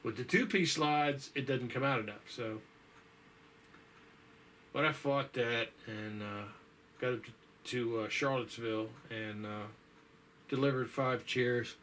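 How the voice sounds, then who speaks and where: A tired man talks casually to his viewers, rambling along with plenty of ums and sighs. His voice sits at an ordinary middle pitch, and a faint hiss of noise runs underneath. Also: fairly even intonation, a little slow, pauses often, a bit bright. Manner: rambling, folksy, with many fillers and sighs. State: tired, yawning. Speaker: vlogger. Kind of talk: casual chat.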